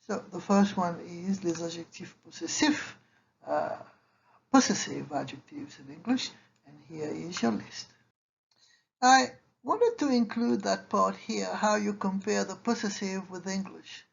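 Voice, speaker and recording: Speaking at a measured pace in a mid-range voice with a gravelly edge, this woman teaches French grammar from slides. She patiently walks through each example in both English and French, pausing to ask "okay?", over slightly muffled, dull lo-fi audio with faint hiss.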